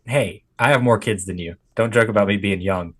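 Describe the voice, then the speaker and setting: A man's voice: on the low side, brisk. A man co-hosting a comedy podcast, blunt and ranting, with bursts of laughter. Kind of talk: casual comedy chat.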